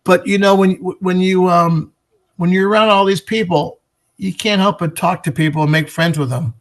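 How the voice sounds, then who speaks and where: This is a man with a slightly raised voice, chatting as an interview guest about the event he organizes. He sounds eager and upbeat, pitching it hard and often restarting mid-sentence as the ideas tumble out. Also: moderate pace. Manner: enthusiastic, promotional, frequent restarts. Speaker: guest, pinball expo organizer. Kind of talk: casual interview chat.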